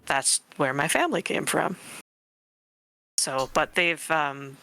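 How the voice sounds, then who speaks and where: A woman with a rural Canadian accent in casual chat, animated and swearing freely. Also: low voice, takes it slowly, gravelly, rough recording.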